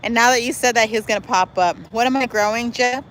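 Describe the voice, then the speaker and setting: A woman hosting a casual live stream outdoors in her backyard, talking to viewers in a lively, chatty way and calling them y'all. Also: a little high, a little fast, poor audio. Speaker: livestream host. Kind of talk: casual live chat reading viewer comments. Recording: faint outdoor noise with traffic.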